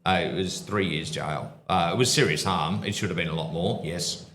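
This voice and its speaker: A man's voice: low voice, moderate pace, fairly bright tone, echoey room, a little hiss or hum. A man, a former police officer and podcast co-host, telling stories at a live show with a rambling, restarting manner. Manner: rambling, restarts, drops into quoted voices. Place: pub venue with live audience.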